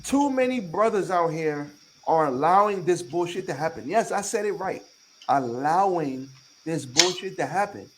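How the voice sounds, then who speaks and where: Lively intonation marks this slightly high male voice, heard at a normal speed in a rough recording. Also a podcast host chatting casually, he talks emphatically, full of profanity, hammering his points again and again to lecture the audience.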